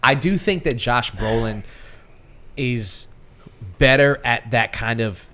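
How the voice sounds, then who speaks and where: A man's voice: mid-range voice, slow pace, bright, forceful tone. A young man co-hosting a casual movie podcast, rambling with frequent restarts and easy laughter. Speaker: podcast co-host. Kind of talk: casual movie review chat.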